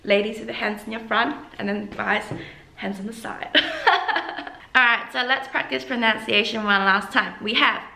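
A woman's voice: on the high side, animated, measured pace, creaky, sharp tone. A young woman gives a casual, upbeat video lesson, coaxing viewers to repeat phrases after her. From Australia. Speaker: language teacher vlogger. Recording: echoey room.

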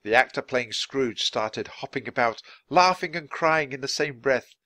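A man reading a children's book aloud at natural speed for English learners, clear and expressive. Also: medium pitch, unhurried, no echo. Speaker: storybook reader.

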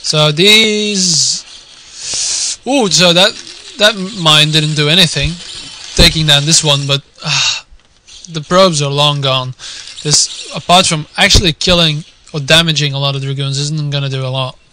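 A young man with a Dutch accent casting a video game live, drifting from quiet musing to shouted excitement. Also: fairly high pitch, a little slow, a little hiss or hum. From Netherlands. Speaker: game caster.

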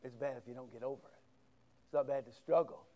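A man's voice: mid-range voice, steady tone, fast talker, darkish tone. A middle-aged man pastor preaching a sermon, quoting scripture with big swings of emphasis.

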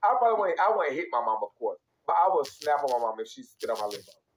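Fiery high-voiced young man with a drawl. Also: very animated, rapid-fire, low-quality recording. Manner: fiery, profane, repetitive, emphatic. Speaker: live-stream host. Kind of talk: heated live-stream rant.

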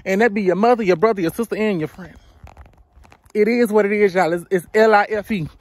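Filming herself on a handheld phone while walking a wooded roadside, this twentysomething vlogger talks a little fast at a medium pitch, her tone slightly mellow. She's breathless and casual, and her advice is blunt and full of swearing.

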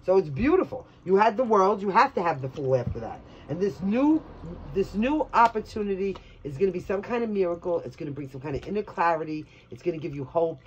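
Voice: mid-range voice, animated, a little fast, muffled recording, slight background noise. Blunt, salty Brooklyn tarot reader. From New York, Brooklyn. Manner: blunt, chatty, swears freely. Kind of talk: casual tarot reading for viewers.

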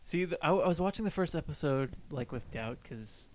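A man's voice: on the high side, lively intonation, brisk, darkish tone. A man co-hosting a casual podcast, rambling through stories, swearing freely and acting out quotes. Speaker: podcast co-host. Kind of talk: casual chat. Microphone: studio microphone.

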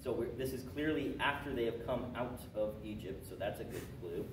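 A man teaching a Sunday school class, reading scripture slowly and coaxing his students with a chatty manner. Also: medium pitch. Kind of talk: Bible quiz lesson. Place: church classroom. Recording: roomy echo, distant mic, noisy.

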